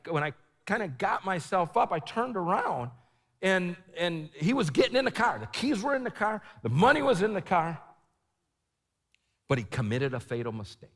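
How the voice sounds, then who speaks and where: A middle-aged man giving a storytelling sermon at a conference, animated and shouting at the peaks. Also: high-pitched. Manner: animated, shouting at the peaks, laughing, quoting himself. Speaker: conference speaker. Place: large conference hall. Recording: long hall reverb.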